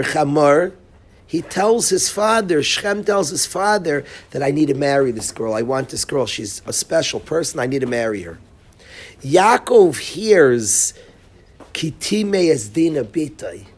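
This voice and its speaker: A man lecturing as a rabbi in a Torah class, telling the story with animated energy and sprinkling in Hebrew and Yiddish terms. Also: on the high side, breathy edge. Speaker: rabbi, yeshiva head.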